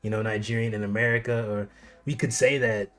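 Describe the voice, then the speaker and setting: A man's voice: on the low side, flat delivery, fairly quick, fairly bright tone. A man co-hosting a casual chat show, laid-back, tossing out loose rhetorical questions. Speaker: co-host. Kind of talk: casual chat reacting to a video.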